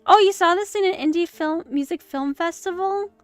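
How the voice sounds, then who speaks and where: A woman's voice: extremely high pitch, normal speed, dry recording, faint music behind. A woman streaming a movie watch-along, chatting casually with rambling asides and self-interruptions. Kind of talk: casual live commentary. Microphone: streaming setup.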